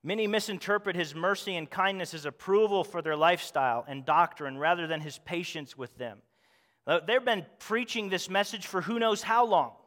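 A man's voice: sits high, moderate pace, fairly bright tone. A man preaching a sermon as pastor, earnestly asking the congregation questions. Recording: long hall reverb.

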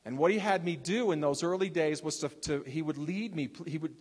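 Older man, ministry leader, lively chatty testimony, a touch high-pitched, long hall reverb. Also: fairly quick. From Texas. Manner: animated, chatty storyteller with many restarts and asides. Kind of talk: casual storytelling testimony.

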